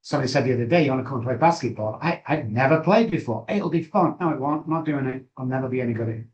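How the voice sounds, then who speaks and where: A middle-aged man, speaking as an interview guest. He tells a personal story candidly, with frequent pauses and restarts. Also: mid-range voice, lo-fi sound. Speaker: guest, addiction recovery expert.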